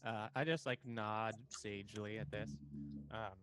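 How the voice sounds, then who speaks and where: A man's voice: lowish voice, steady tone, unhurried, background noise. A young man playing a tabletop game, hesitant and joking, with lots of filler words. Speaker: player. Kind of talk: casual tabletop game chat.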